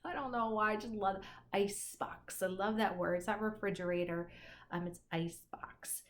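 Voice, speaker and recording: A woman's voice: mid-range voice, steady tone, moderate pace. A woman teacher recording a casual lecture for an online class, enthusiastic and musing, with many fillers.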